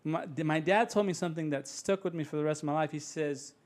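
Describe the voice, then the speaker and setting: A man's voice: a little high, quick pace. Earnest man giving a heartfelt testimony. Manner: earnest, heartfelt, acts out prayers in his own voice. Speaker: podcast guest. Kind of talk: casual faith testimony.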